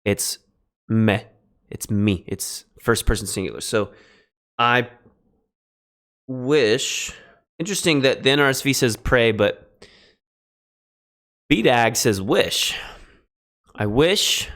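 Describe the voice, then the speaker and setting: A man streaming a Greek translation lesson, thinking aloud in a halting way and pausing while he writes notes. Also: medium pitch, expressive, a bit bright. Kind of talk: relaxed live-stream teaching.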